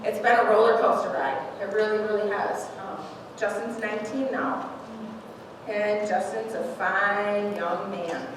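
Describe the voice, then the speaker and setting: A woman's voice: medium pitch, little pitch movement, unhurried. A woman in her forties giving an emotional personal testimony at a church service, heartfelt and laughing through tears. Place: church sanctuary. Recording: echoey church hall, distant mic, noisy.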